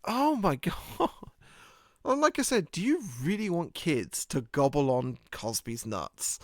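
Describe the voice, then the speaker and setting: A man's voice: on the high side, expressive, measured pace, no room sound, studio quality. A man hosting a podcast in a casual rambling monologue. He jokes, swears freely and laughs at his own jokes. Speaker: podcast host.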